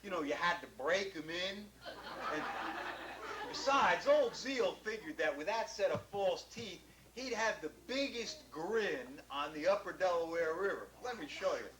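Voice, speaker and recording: A man spinning an old river tale in a relaxed, folksy way, often chuckling. His voice sits somewhat high and moves with a lively, singsong rise and fall, with a faint hiss under the recording. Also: unhurried, poor audio. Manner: animated, chuckles at his own impressions. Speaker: storyteller. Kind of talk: folksy oral storytelling. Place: library event.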